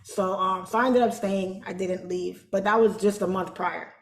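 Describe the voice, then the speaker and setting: A woman telling a story as an interview guest, animated and colloquial, acting out quoted voices. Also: medium pitch, moderate pace, roomy sound. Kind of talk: casual storytelling.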